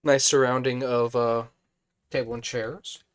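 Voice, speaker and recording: Male streamer with a hoarse, worn voice at mid pitch, casual, mutters through tasks. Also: level tone, a little slow. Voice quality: thinks aloud, mutters to himself, chatty. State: hoarse, voice fading. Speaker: streamer playing a building game. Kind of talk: casual live-stream commentary.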